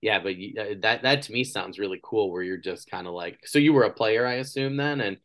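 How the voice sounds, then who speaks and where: Animated, low-voiced male podcast host. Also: a little fast. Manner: animated storyteller, acts out quoted people. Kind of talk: casual interview chat.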